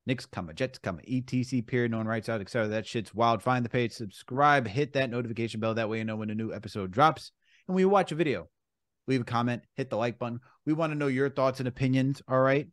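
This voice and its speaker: Young New man, relaxed podcast host. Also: mid-range voice, fast, no echo, studio quality. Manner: reads sign-off plugs, relaxed. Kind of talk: podcast outro and sports chat.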